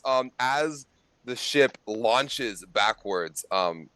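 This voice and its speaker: A man narrating a tabletop game as game master, in a relaxed, conversational way with occasional fillers. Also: low voice, slow, dry recording.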